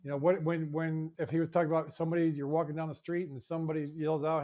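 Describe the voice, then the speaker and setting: A man's voice: fairly high pitch, fairly even intonation, quick pace, a little mellow. A man hosting a live in-person event, talking casually in a rambling way, repeating words and swearing now and then. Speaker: show host. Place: indoor venue in front of an audience.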